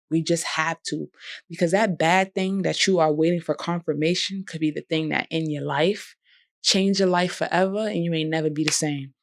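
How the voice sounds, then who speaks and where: A woman's voice: low voice, gravelly, no room sound, clean studio sound. A young woman vlogger, talking in a heartfelt, conversational way about healing and forgiveness. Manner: heartfelt, conversational, drops into bursts of laughter. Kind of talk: emotional personal reflection.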